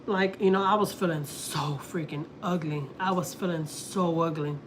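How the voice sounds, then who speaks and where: A woman's voice: lowish voice, steady tone, brisk, slight background noise. A woman from Houston in her thirties, chatting casually on a family livestream and rambling through a personal story as she acts out what people said. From Houston, Texas.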